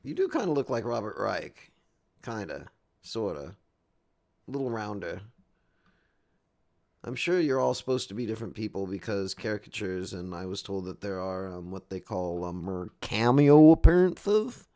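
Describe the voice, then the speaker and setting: A man's voice: lowish voice, sing-song, moderate pace, mellow. A man playing a game live, joking and rambling as he reads the on-screen text aloud. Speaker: game streamer.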